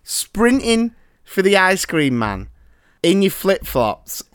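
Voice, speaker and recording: A man in his thirties hosting a podcast, telling an animated story in casual chat. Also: high-pitched, takes it slowly, smooth, no echo, clean studio sound. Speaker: podcast host. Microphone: remote call.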